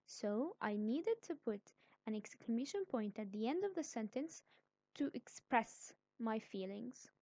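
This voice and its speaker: A woman's voice: a little high, very animated, a little slow, darkish tone, dry recording. A woman teaching a grammar lesson, explaining patiently step by step. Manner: patient, explains step by step, then acts out example sentences.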